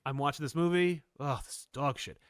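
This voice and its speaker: A man co-hosting a comic book podcast in a casual, animated chat. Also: on the high side, brisk, clear, resonant tone, dry recording, studio quality. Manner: animated, jumps into quoted voices and laughs. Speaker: podcast co-host.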